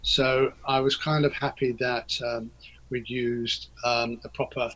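A husky man rambles through old recording stories, stopping often to restart his sentences. His voice sits at an ordinary pitch, with a slight rasp throughout. He sounds like a guest in a relaxed conversation. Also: a little slow, rough recording. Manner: rambling, hesitant, many fillers and restarts. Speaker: interview guest, record producer. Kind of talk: casual interview.

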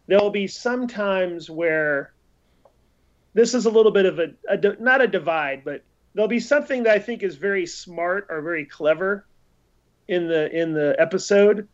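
High pitched guy, muffled lo-fi audio, thinks out loud, stumbles over words. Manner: halting, repeats words, thoughtful. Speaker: podcast co-host. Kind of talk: casual conversation. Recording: dull lo-fi audio.

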